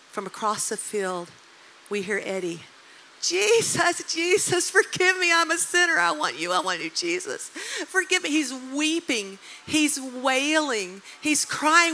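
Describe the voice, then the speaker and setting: Bright-voiced woman preacher in her sixties. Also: a little high, slight background noise, rough recording. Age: 60s. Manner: animated storyteller, emotional and emphatic. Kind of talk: sermon storytelling.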